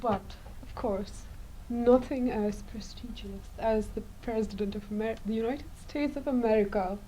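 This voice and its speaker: A young woman doing amateur improv, slow and hesitant with deadpan answers. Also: on the high side, slight background noise, rough recording. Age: young adult. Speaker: improv player.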